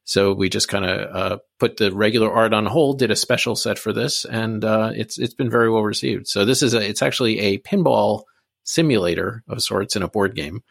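A man who designs board games, answering in a relaxed interview with many fillers. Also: fairly low pitch, normal speed, gravelly, slightly rough, no echo, clean studio sound. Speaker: board game designer guest.

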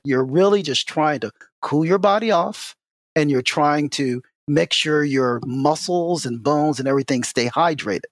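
A man speaking as an expert guest in a casual interview, telling stories in an animated way with many "you know" fillers. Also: no room sound, clean studio sound. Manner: lively, swings in pitch. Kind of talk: casual explanatory interview talk.

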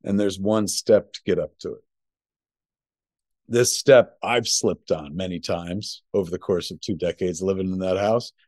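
Low-voiced man telling a profane story. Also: measured pace, darkish tone, dry recording, studio quality. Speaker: podcast co-host. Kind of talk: casual chat. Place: home.

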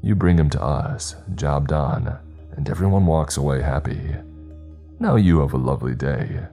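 A gravelly criminal on the phone, cold and unhurried, laying out his orders with menace, as a narrator puts him on. The voice sits extremely low and dark, with faint music behind it. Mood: menacing.

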